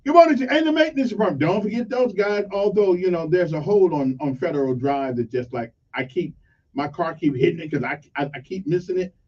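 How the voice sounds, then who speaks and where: A man hosting a morning radio talk show, rambling casually through shout-outs to local crews. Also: high-pitched, lively intonation, brisk, recorded from a distance. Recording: dull lo-fi sound, slightly off-mic.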